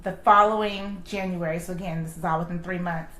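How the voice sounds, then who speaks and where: Animated woman storyteller in a roomy room. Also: fairly low pitch, fairly quick, a little hiss or hum. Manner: animated storyteller, acts out quoted dialogue with laughs. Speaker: interview guest. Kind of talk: telling her love story.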